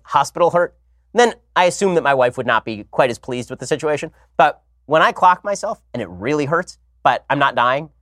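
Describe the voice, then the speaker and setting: A man hosting a commentary show, telling stories in a casual, animated way with sarcastic asides. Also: medium pitch, no room sound, clean studio sound. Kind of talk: casual comedic monologue.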